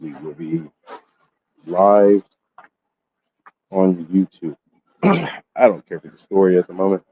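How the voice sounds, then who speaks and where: A man with a low, husky voice tells a story in a casual gaming vlog, ranting with plenty of swearing. The recording is dull and lo-fi. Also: steady tone, slow, pauses often, no room sound. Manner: profane, exasperated ranting. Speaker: gaming YouTuber.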